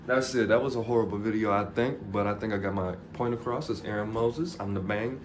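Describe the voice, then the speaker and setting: A man with a low voice talks straight to camera in a casual motivational monologue. He is animated and jokey, swears freely and pokes fun at himself. A faint hum sits behind him. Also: fairly quick. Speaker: vlogger.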